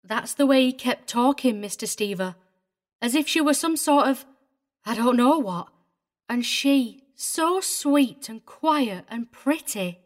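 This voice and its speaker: A woman's voice: fairly high pitch, lively intonation, slow pace. A woman voicing a prim, tearful middle-aged governess in a dramatized audiobook reading, agitated and wavering. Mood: vehement, tearful.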